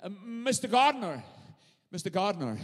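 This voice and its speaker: A man's voice: sits high, very animated, normal speed. A man voicing a grieving woman who stammers and pleads urgently with a gardener. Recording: long hall reverb.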